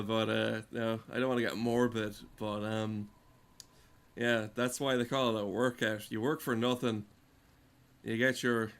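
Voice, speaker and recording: A man's voice: medium pitch, fairly bright tone. Sardonic rambling man. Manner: sardonic, profane, digressive. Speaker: game video host. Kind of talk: rambling comedic monologue.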